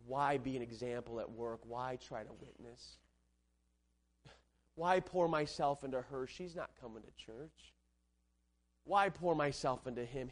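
A man preaching a sermon with rising fervor and repeated phrases. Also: medium pitch. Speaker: pastor.

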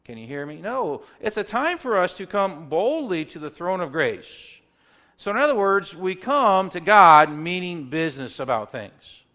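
A man delivers a morning sermon with a bright, forceful tone and a voice pitched a little high. He is earnest and stresses his points by repeating words. Now and then he slips into sample prayers. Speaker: pastor.

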